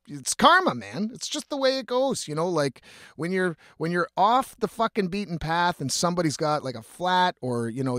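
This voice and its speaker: In a clean studio recording with no room sound, a man with a slightly high, fairly bright voice hosts his show. He spins a long, meandering tale, swearing heavily and using lots of fillers.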